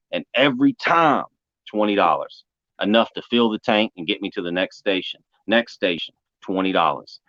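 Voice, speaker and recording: Man, deep voice, folksy storyteller, dry close mic with a muffled tone. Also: expressive, moderate pace, fairly bright tone, no room sound. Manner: folksy, repeats "man" and "brother". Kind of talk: casual storytelling. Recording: dull muffled sound.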